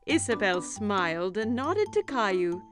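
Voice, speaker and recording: A woman narrating a preschool cartoon in a gentle storybook manner. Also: medium pitch, sing-song, measured pace, over music.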